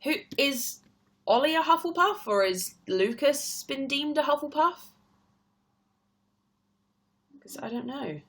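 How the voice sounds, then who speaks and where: A woman's voice: sits high, slow, pauses often. A young British woman hosting a casual live stream at home, chatting in a rambling way and laughing often. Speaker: livestream host.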